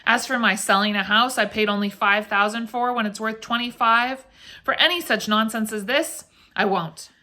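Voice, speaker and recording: A stubborn, angry middle-aged husband from a ghost story, gruff and blustering, as a woman reads his lines. The tone stays bright and sharp. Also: a little high, normal speed.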